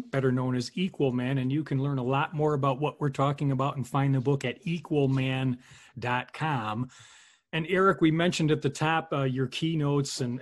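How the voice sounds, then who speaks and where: Man hosting a university podcast. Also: mid-range voice. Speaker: podcast host. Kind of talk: interview hosting.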